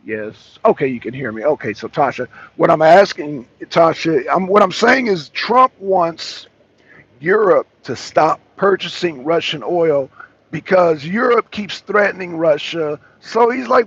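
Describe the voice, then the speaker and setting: Husky man hosting a political talk. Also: on the high side, expressive, a little slow, a bit bright, no room sound. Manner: emphatic and repetitive, with frequent restarts. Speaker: talk show host. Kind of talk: casual political talk with a caller. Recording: dull lo-fi sound.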